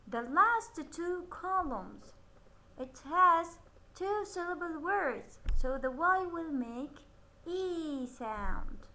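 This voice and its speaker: A woman teaching a children's phonics lesson. She models each word slowly and drawn out, then praises with cheerful words. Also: high voice, very animated, bright, forceful tone, poor audio.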